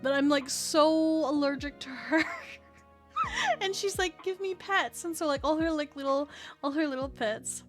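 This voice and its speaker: High, bright-voiced woman streamer chatting. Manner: rambling, chatty, many fillers and restarts. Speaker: VTuber streamer. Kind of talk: casual chat while streaming. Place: home room with her cat. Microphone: desk streaming mic.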